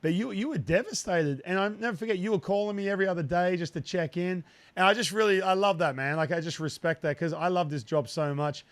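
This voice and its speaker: A man's voice: high voice, fast talker, hardly any pauses. A man in his thirties hosting a podcast, chatting with enthusiasm and frequent restarts. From Australia. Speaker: podcast host, broadcaster. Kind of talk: casual interview chat.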